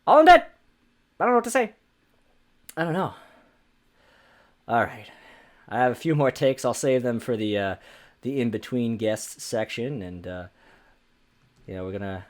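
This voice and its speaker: A man's voice: lowish voice, a little mellow. A man hosting a comedy podcast alone at home, in a profane, self-deprecating, ranting monologue. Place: home apartment.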